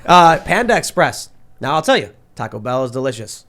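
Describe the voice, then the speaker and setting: A man hosting a casual panel podcast, joking in an animated, rambling way. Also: mid-range voice, fairly quick. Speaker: podcast host.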